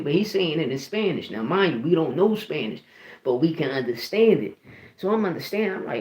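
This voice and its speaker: A man's voice: a little high, lively intonation, a little fast, roomy sound, low-quality recording. A man, telling stories in a casual, profane, rambling way full of restarts and "you know what I mean". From Philadelphia, USA. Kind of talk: casual storytelling.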